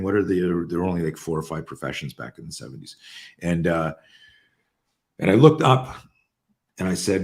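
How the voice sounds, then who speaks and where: Deep-voiced man in his sixties, telling stories. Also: moderate pace. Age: 60s. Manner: repeats words on restarts, animated when quoting others. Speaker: guest. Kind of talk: casual storytelling.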